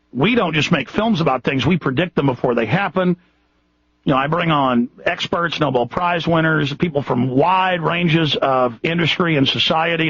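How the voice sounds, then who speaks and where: Gravelly Texan man ranting on radio. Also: on the high side, fairly bright tone, lo-fi sound. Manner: impassioned, rambling, frequent restarts. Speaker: radio host. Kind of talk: radio monologue.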